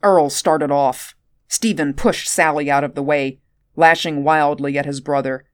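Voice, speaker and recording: A woman reads a story aloud at a steady, measured pace. Her voice sits low and the recording is dry and close, with no room sound. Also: no echo. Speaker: narrator. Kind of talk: audiobook narration.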